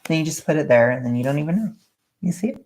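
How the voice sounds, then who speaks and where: A woman vlogger with a low-pitched, slightly mellow, expressive voice talks fast while livestreaming herself wrapping gifts. She rambles casually and keeps joking at her own expense.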